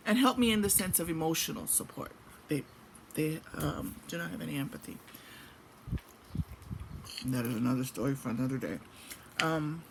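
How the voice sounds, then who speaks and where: Middle-aged woman, chatty home vlogger, rambles freely, noisy recording. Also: on the low side. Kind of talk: casual chat.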